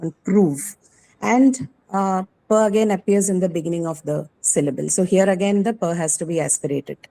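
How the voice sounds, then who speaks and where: A woman's voice: lowish voice, fairly quick, gravelly, mellow, poor audio. A woman teacher explaining a grammar point patiently in an online class, often checking in with the students. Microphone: video call.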